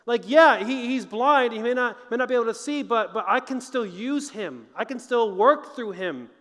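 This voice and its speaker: High-voiced man speaking in a chapel. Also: animated, moderate pace, a bit bright, big-room sound. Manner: earnest, conversational, emphatic. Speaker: motivational speaker. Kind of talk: chapel talk to college students. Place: large college chapel.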